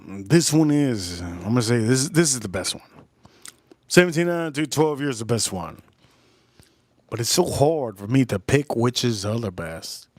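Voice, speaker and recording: A man's voice: mid-range voice, very animated, unhurried, darkish tone, no room sound. A man hosting a livestream, telling a rambling, crude story in a casual way and repeating himself as he goes. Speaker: livestream host.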